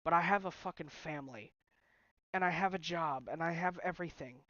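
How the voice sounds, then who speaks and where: A man's voice: on the high side, brisk, pushed and bright, no room sound, muffled recording. Upset young man venting on stream. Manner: upset, voice breaking, sighing. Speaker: livestreamer. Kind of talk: emotional personal talk to viewers.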